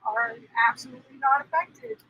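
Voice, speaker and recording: A woman's voice: high voice, very animated, breathy edge, lo-fi sound. A woman co-hosting a spiritual live stream, thinking back on a story in a reflective, casual way and trailing off mid-thought. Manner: reflective, trailing off into long pauses.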